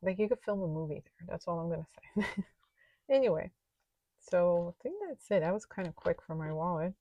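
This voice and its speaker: A woman's voice: fairly low pitch, normal speed, mellow, no room sound. A woman vlogger chatting casually while counting cash into budget envelopes aloud, sometimes dropping to a near-whisper.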